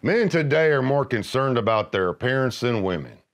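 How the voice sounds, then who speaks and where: A middle-aged man narrating scripted comedy with gruff, deadpan macho pronouncements. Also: mid-range voice, normal speed.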